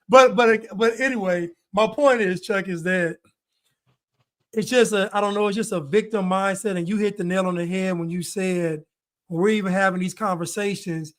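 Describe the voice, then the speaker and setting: A man's voice: high-pitched, fairly even intonation, normal speed, fairly bright tone. A man hosting a podcast, talking bluntly and emphatically in casual chat, laughing often. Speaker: podcast host.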